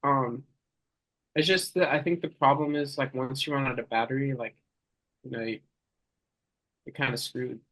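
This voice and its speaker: A young man answering absurd questions in a mock interview, with a rambling, halting, mock-serious manner. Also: mid-range voice, fairly even intonation, a bit bright, low-quality recording.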